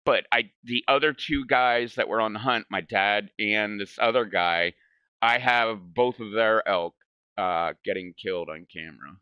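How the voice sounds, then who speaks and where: A man's voice: lowish voice, measured pace, clean tone, no room sound, highs cut off. A man hosting a gaming channel, telling a story in casual chat. He rambles, swears a lot and keeps saying "like". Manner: rambling, profane, fills speech with "like".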